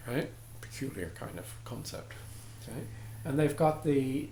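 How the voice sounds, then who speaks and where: A man giving an informal dharma talk to a group, chatty and digressive, often checking in with "right?". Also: medium pitch. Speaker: dharma teacher. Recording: roomy sound with faint background noise.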